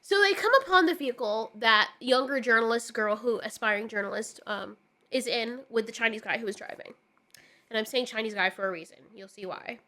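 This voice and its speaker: A woman's voice: a little high, brisk, bright, forceful tone. A woman giving a ranting casual film review, exasperated and sarcastic, swearing often. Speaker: movie reviewer.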